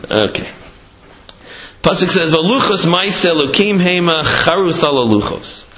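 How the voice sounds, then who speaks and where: Man giving a halting Torah class, echoey. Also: a little high, lively intonation, fairly bright tone. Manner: informal, halting, many fillers and restarts. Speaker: Torah teacher. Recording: echoey room, slightly muffled.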